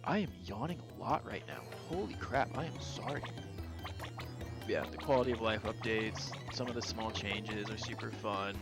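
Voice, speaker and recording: A man's voice: fairly low pitch, normal speed. A man giving casual, rambling gameplay commentary, correcting himself as he goes. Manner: rambling and offhand, self-correcting. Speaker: let's play host. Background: game music.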